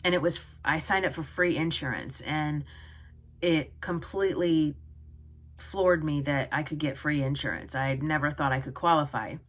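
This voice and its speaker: A woman in her forties vlogging to camera, talking in an earnest, halting way with many pauses. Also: sits low. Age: 40s. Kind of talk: personal vlog talk to camera.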